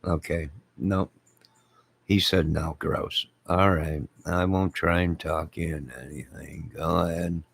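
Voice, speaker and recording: A man with a very low, gravelly voice hosts a YouTube channel in casual live-stream chat. He talks slowly and rambles, circling back to friendly sign-offs, with a husky edge to his voice. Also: fairly even intonation, fairly bright tone.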